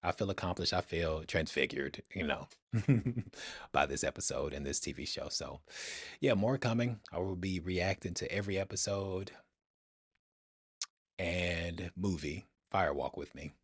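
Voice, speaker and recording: A man's voice: sits low, expressive, measured pace, breathy edge, dry recording. A male reaction-channel host talking through a TV episode in a casual review, enthusiastic and rambling.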